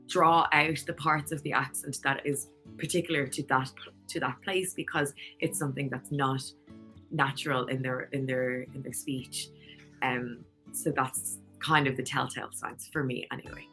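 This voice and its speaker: Man calmly explaining as an English tutor. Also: medium pitch, faint music behind. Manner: measured, explaining with restarts. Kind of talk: casual video-call chat.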